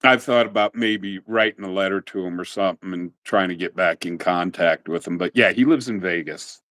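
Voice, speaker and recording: A middle-aged man being interviewed, telling animated stories in a casual way and quick to laugh. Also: low voice. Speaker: interview guest.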